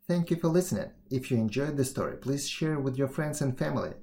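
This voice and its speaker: A man reading a fairy tale aloud as a storyteller, with expressive, measured narration. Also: medium pitch, gravelly, slight background noise.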